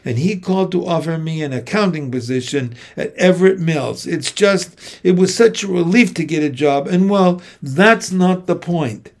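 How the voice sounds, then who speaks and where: A man's voice: on the high side, expressive, normal speed, hardly any pauses. Man voicing an upset, scolding mother. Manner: tense, scolding questions. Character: worried, stern adult mother. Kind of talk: audiobook character voice.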